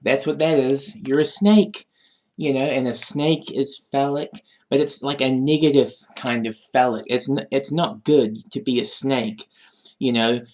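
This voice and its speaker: A man's voice: mid-range voice, fairly even intonation, measured pace, darkish tone, a little hiss or hum. A man vlogging a rambling, absurd comic rant, with many fillers. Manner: rambling, absurd, full of "you know". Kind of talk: casual comedic rant.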